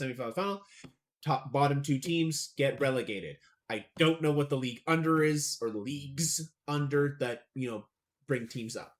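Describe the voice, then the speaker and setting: A young man co-hosting a casual sports podcast, rambling and joking about his own pronunciation. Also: mid-range voice. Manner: chatty, rambling, self-deprecating about pronunciation. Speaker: podcast co-host.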